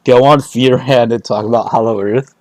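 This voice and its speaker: A man's voice: mid-range voice, steady tone, moderate pace, a little mellow, dry recording. A man streaming and chatting casually, rambling and joking, repeating himself, swearing and breaking into laughs. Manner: profane.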